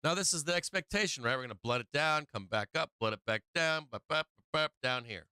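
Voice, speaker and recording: Brief: male stock-stream host, bright and clear tone, close dry mic, loose and profane, voice getting worn. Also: a little high, lively intonation, fairly quick, dry recording. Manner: profane, chatty, laughing while watching charts. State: strained, tiring voice. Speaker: livestream trading host. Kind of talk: casual live-stream market commentary.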